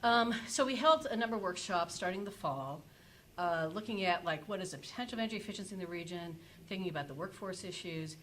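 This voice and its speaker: Panelist, woman, lower register, halting delivery full of "uh" and "like", faint background hiss. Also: low-quality recording. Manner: hesitant, many fillers and self-corrections. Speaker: energy policy panelist. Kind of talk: conference panel presentation.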